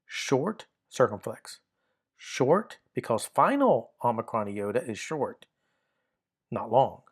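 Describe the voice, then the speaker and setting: Man, grammar teacher, methodical lesson, middle-pitched voice, repeats himself while working through examples. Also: very animated, measured pace, breathy edge.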